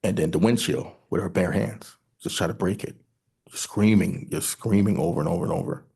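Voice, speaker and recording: A man gives sworn testimony at a hearing, his voice very low and rough with fry. He speaks haltingly, often breaking off mid-sentence and starting again. His tone is husky rather than clean. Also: a little mellow. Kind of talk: sworn testimony recounting events.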